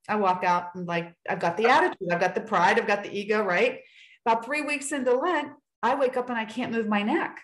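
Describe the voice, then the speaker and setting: A woman's voice: medium pitch, moderate pace. Earnest woman telling her story, roomy sound. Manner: earnest storytelling with acted-out quotes. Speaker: guest sharing her faith story. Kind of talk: casual testimony on a video call. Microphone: video call.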